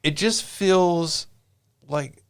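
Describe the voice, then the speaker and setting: A man co-hosting a gaming podcast in casual chat, animated and rambling with many fillers. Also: fairly high pitch, very slow, clear, resonant tone. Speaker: podcast co-host.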